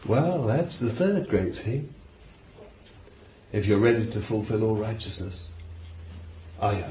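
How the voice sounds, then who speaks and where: A man preaching a fervent sermon, swinging from loud exclaiming to hushed whispers. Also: on the low side, lively intonation, unhurried. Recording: dull lo-fi recording with faint hiss.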